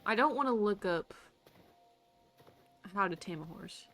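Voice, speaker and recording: A woman's voice: mid-range voice, expressive, unhurried, fairly bright tone, faint music behind. A woman streaming a game, chatting casually to herself, laughing often and swearing casually. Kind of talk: casual gameplay commentary.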